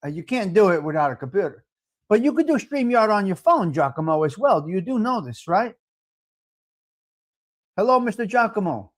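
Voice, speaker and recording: Casting note: brash male live-stream host with a high voice who talks a lot and greets viewers. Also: big pitch swings, moderate pace, long pauses. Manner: brash, talkative, mixes in Italian phrases. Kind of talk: casual live stream chat, reading viewer comments.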